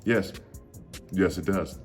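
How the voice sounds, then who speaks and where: A man's voice: low voice, slow pace, faint music behind. A young man recapping a comic chapter in a casual, slangy, jokey way with frequent laughs. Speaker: manga reviewer.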